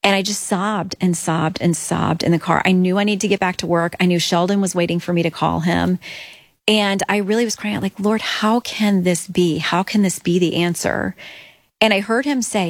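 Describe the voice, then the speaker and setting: A woman's voice: on the low side, fairly even intonation, a little fast, dry recording. A middle-aged woman as an interview guest, telling an earnest personal faith story and acting out her own prayers.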